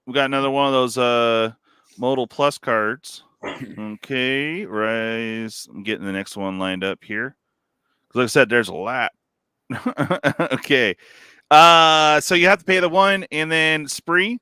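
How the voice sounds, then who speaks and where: A middle-aged man hosting a casual podcast chat, relaxed and laughing, with lots of fillers. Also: mid-range voice, a little slow, clean tone, no room sound, studio quality. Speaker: host.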